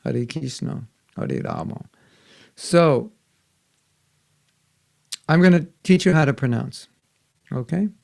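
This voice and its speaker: An older man teaching children in an online class, gentle and patient, often asking them questions. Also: a little high, creaky. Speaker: spiritual teacher. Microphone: video call.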